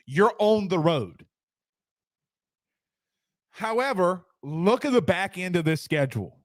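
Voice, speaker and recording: A man's voice: high voice, sing-song, slow, long pauses, dry recording, studio quality. A man hosting a casual sports talk show, joking and rambling through viewer comments and repeating lines for emphasis.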